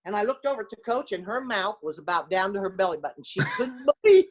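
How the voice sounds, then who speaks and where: Lively older woman telling stories. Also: mid-range voice, fast talker, slightly rough. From small-town United States. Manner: animated storyteller who acts out quoted voices and laughs often. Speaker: former basketball player, interview guest. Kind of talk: casual storytelling interview.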